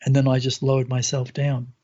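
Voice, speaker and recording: A man in casual talk, telling of a spiritual experience with many fillers and lively quoted voices. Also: medium pitch, brisk, dull audio. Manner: animated retelling, hesitant with fillers, voices others in quotes. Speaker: guest sharing spiritual experiences. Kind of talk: casual storytelling.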